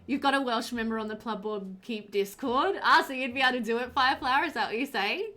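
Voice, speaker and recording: A woman's voice: a little high, fast, hardly any pauses, sharp tone, faint music behind. A woman streaming a game, chatting casually and giggling with her viewers. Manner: giggly, chatty, talks to chat.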